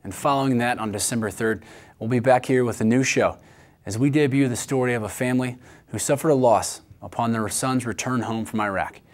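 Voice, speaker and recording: A man's voice: mid-range voice, a little fast. A man hosting a show, thanking his guest and announcing upcoming episodes in a plain, friendly way. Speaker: host. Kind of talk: interview and show host talk.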